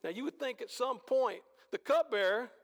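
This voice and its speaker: A man preaching a sermon with animated storytelling and rhetorical questions, in a large church hall. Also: extremely high pitch, normal speed. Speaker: pastor. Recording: long hall reverb.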